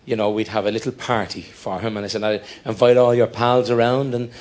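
A middle-aged Irish man telling a long joke on stage, laughing as he goes, in an animated storytelling manner. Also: lowish voice, brisk. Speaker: comedian. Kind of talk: storytelling stand-up.

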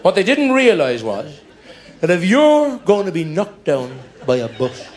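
A middle-aged Irish man telling a long joke on stage, laughing as he goes, in an animated storytelling manner. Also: high voice, unhurried. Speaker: comedian. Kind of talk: storytelling stand-up.

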